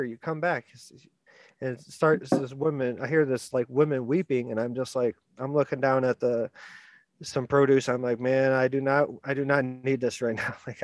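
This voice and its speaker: A man, the guest here, tells a personal story in loose, rambling, casual talk, animated, repeating words, restarting, stumbling and laughing along. His pitch is ordinary, and the sound is close and dry.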